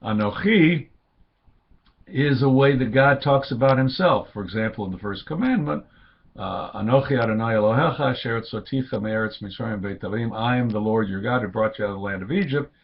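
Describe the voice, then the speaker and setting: A man at a middle pitch gives an unhurried, informal lecture, pausing on fillers and restarting his sentences as he thinks. He quotes Hebrew phrases and lifts his voice to act out the people he quotes. The recording sounds somewhat dull and lo-fi. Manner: quotes Hebrew and acts out speakers with raised pitch. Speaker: lecturer on rabbinic texts.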